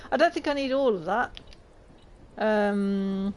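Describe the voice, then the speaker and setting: A woman's voice: medium pitch, takes it slowly, a little mellow. A woman from Lincolnshire with an English accent, chatting casually and laughing often while streaming a game. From Lincolnshire, England. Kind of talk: casual gaming chat.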